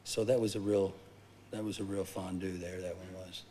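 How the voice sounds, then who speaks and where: A man, a talk show guest telling stories in an animated, laughing way. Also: low-pitched, moderate pace, slight background noise. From Texas, USA. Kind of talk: talk show interview, storytelling.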